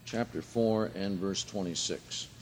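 A man preaching a sermon, reading scripture aloud and explaining Greek words, rising in pitch and volume for emphasis. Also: unhurried, a little hiss or hum.

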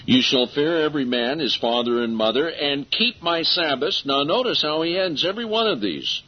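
A man preaching a sermon and reading scripture aloud, emphatic, slowing down to stress key phrases. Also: a little high, animated, breathy edge. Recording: dull lo-fi recording.

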